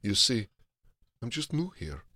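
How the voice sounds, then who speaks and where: Man voicing a sweet-talking young cam-girl scammer, hushed and coaxing, comedic read of a chat transcript. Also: medium pitch, sing-song, measured pace, no echo, studio quality, voice pushed down, heavily acted. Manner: reads chat messages aloud in a hushed, coaxing tone.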